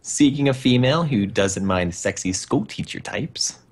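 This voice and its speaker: A man's voice: medium pitch, animated, moderate pace, a little hiss or hum. A young man co-hosting a podcast, chatting loosely over a card game and saying "like" a lot. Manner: loose, filler-heavy, says "like" a lot. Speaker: podcast co-host.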